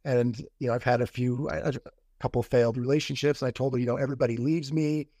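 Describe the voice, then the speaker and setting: A podcast guest with a medium-pitched, dark-toned male voice speaks quickly and steadily in an echo-free recording. In a casual interview he rambles through the story of a past relationship, restarting often and quoting what was said.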